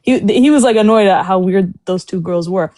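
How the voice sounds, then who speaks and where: A woman from Palestine, a guest in a casual live debate, telling stories in an animated, chatty way and talking over others. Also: mid-range voice, normal speed, no room sound.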